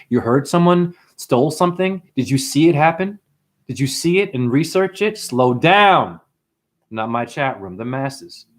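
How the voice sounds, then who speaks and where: A man hosting a livestream and ranting preachily at his viewers, swinging between hushed asides and loud outbursts. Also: mid-range voice. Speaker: livestream host and numerology teacher.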